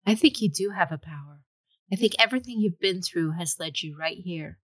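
A woman voicing a calm, distant young warrior woman who speaks in measured tones. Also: lowish voice, breathy edge, no echo. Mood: assured.

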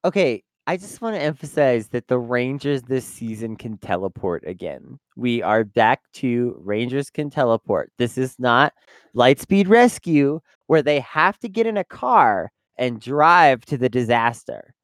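A young man in a casual review chat, wry and given to complaining about lazy writing. His voice is smooth and resonant at a middle pitch. The sound is dry and close. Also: big pitch swings, measured pace, dry recording. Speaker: podcast co-host.

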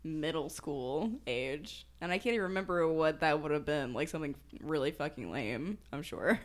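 A woman's voice: low-pitched, lively intonation, moderate pace. A woman co-hosting a casual podcast, speaking in a dry, matter-of-fact way. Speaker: podcast co-host. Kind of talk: casual chat.

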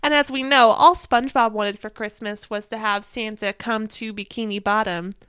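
Young woman, podcast co-host, casual chat, animated, laughs a lot, high-ish voice. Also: moderate pace, smooth, no echo, studio quality. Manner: giggly, animated, laughs often.

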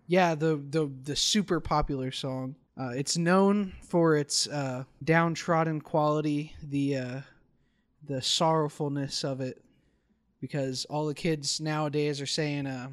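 A man's voice: on the high side, fairly even intonation, a little slow. A young man co-hosting a podcast, joking in mock-serious tones and stumbling over fillers. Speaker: podcast co-host. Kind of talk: casual podcast banter.

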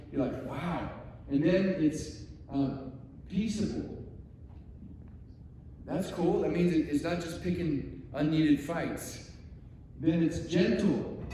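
Male preacher, animated storyteller, mellow voice, distant mic, echoey hall. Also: high voice, a little hiss or hum. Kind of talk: sermon.

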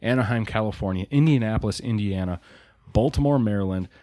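A man's voice: on the low side, quick pace, dark tone, no echo, studio quality. A man hosting a casual podcast, joking while reading out event dates and places. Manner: joking, reads lists of places. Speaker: podcast host.

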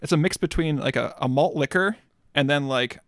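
A man co-hosting a casual comedy podcast, rambling through halting explanations. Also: a little high, fairly bright tone, dry recording, studio quality. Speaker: podcast co-host.

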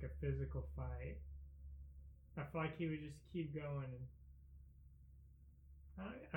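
A man chatting casually in a podcast discussion, rambling with hesitant restarts. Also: on the high side. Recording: tinny phone-like line, roomy echo.

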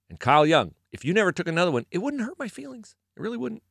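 Animated, lively man hosting a sports podcast. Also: a little high, fast talker, gravelly, slightly rough, dry recording, clean studio sound. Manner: animated, storytelling, chuckles often. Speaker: podcast host. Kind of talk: casual sports chat with ad read.

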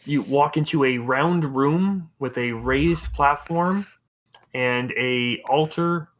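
A man running a tabletop game as game master, slowly describing rooms and events. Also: mid-range voice. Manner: slow, deliberate scene description.

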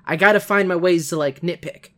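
A man's voice: sits high, brisk, fairly bright tone. A man co-hosting a casual podcast, rambling in a self-deprecating, nitpicky way. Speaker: podcast co-host.

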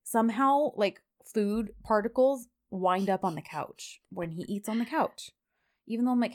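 A woman in her thirties co-hosting a podcast, chatting casually and telling stories with lively quoted asides. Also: medium pitch, normal speed. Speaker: podcast co-host. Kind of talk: casual chat recapping a TV drama.

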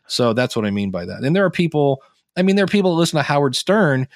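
Speaking quickly in a fairly high voice, a man from Ohio guests on a podcast and tells stories with animation, performing the reactions he quotes. It's a casual interview chat, captured in studio quality with no echo.

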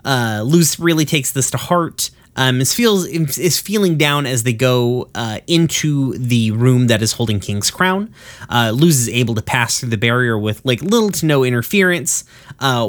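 A man's voice: mid-range voice, fairly bright tone. Male podcast co-host with a mid-range voice. Casual, profane, rambling recapper who leans on a lot of fillers.

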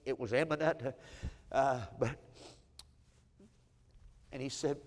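A man's voice: medium pitch, fairly even intonation, takes it slowly, pauses often, darkish tone, long reverb tail. A man, a pastor telling a personal story in a sermon with heartfelt, emotional repetition. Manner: heartfelt, emotional telling with many repeated phrases. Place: church sanctuary.

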